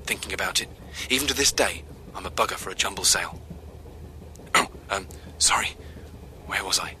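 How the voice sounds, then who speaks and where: A man playing a lovelorn train guard who muses in a hushed, half-whispered voice. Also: low voice, moderate pace, a little hiss or hum. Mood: distracted.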